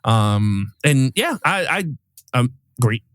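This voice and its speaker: A man's voice: mid-range voice, very animated, slow, fairly bright tone, no echo, studio quality. A man co-hosting a podcast, chatting casually about a film and acting out lines with bursts of laughter. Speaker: podcast co-host. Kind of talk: casual movie review chat.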